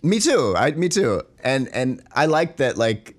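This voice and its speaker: A man co-hosting a podcast, talking in an animated, exasperated way and filling his speech with "like". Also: medium pitch, a little slow. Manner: animated, exasperated critique with frequent "like". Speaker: podcast co-host. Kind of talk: casual chat.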